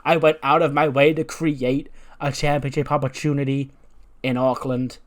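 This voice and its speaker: Smug female wrestling champion in a game let's-play, a man doing the voice, boastful, mid-pitched. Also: flat delivery, normal speed, lightly acted.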